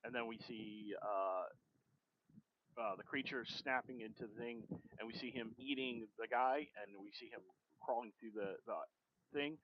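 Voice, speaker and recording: A man streaming and casually narrating a comic aloud, in loose, halting sentences full of fillers, in a dull lo-fi recording. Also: medium pitch. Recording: dull lo-fi stream mic with faint noise.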